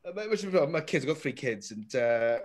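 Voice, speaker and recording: A man doing a stand-up comedy routine, swinging between loud punchlines and muttered asides. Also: mid-range voice, expressive, brisk. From Britain. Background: audience laughter.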